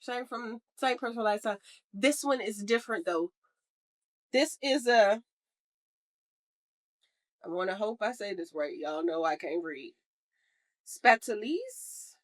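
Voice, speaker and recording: A woman's voice: mid-range voice, a little slow, long pauses. A woman co-hosting a podcast in casual chat, rambling and playful, laughing often. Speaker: podcast co-host.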